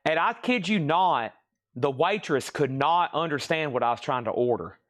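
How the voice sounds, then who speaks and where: Hosting a live-stream record sale, a Southern US man talks at a moderate pace in a highish, animated, slightly bright voice. His selling chat is casual and rambling, full of laughter.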